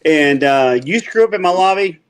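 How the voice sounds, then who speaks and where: A man's voice: on the high side, animated, normal speed, clean tone. A man co-hosting a casual livestreamed chat from his phone, talking bluntly and joking. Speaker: co-host.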